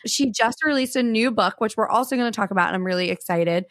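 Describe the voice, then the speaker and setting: A woman hosting a podcast, introducing her guest with excitable, gushing chat and calling her listeners y'all. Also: a little high, quick pace, no echo, studio quality. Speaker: podcast host. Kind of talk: casual chat.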